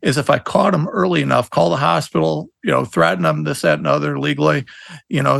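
A man's voice: fairly high pitch, a little fast, creaky, a bit bright, dry recording. A middle-aged man, an attorney, telling stories in an interview, earnest and emphatic, with many restarts. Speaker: attorney, podcast guest. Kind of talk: conversational interview storytelling.

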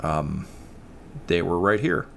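A man's voice: low voice, very animated, takes it slowly, vocal fry, a little hiss or hum, voice pushed down, heavily acted. A man doing a sheepish talking dog. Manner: apologetic, embarrassed. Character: sheepish talking male dog, big and awkward.

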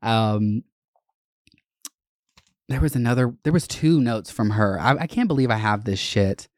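A man's voice: mid-range voice, lively intonation, a little slow, no echo, studio quality. A young man telling personal stories in a casual, candid and profane way, rambling with lots of fillers. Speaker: vlogger. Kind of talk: casual storytelling to camera.

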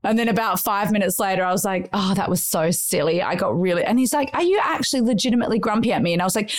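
A woman in her thirties co-hosting a podcast, chatting casually and telling a lively story that acts out the quotes. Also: medium pitch, fast talker, hardly any pauses. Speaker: podcast co-host. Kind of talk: casual chat.

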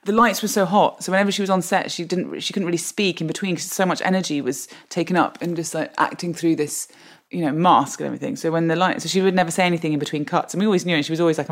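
Lady guest on a podcast, lowish voice, chatty and lively, laughing through her stories. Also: quick pace. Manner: animated storyteller, laughs often. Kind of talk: interview anecdote.

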